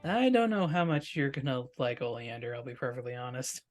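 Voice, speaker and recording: A man's voice: mid-range voice, big pitch swings, a little fast, soft background music, close to an everyday voice. A man playing a hesitant, stammering teen boy hero. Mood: wary. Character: awkward teen boy superhero. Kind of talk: tabletop role-play.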